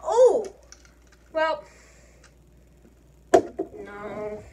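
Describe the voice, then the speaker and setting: A woman's voice: high voice, very animated, very slow. A woman giving rambling, goofy commentary while playing a game, with lots of filler sounds. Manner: rambling and goofy, full of ums and uhs. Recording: distant mic with faint background noise.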